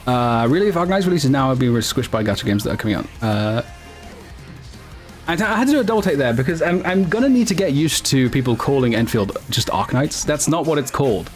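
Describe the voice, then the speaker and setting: A man's voice: medium pitch, very animated, brisk, soft background music. Rambling man streaming. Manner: rambling and chatty, self-correcting, laughs often. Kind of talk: casual livestream chat, answering viewers.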